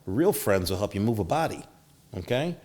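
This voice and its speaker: A man's voice: fairly low pitch, very animated, normal speed, darkish tone. A middle-aged man telling stories as a podcast guest, acting out quotes with big jumps in his voice and swearing freely. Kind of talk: storytelling interview.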